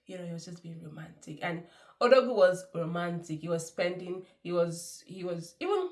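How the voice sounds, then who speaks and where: A woman's voice: lowish voice, animated, a little fast, a little mellow. A woman giving a chatty, effusive film review, laughing often. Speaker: movie reviewer. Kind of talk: casual movie review.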